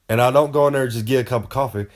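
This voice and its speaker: A man's voice: medium pitch, racing. A man giving a comic, boastful monologue. He rambles in a folksy way and talks about himself in the third person. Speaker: wrestler giving comic advice.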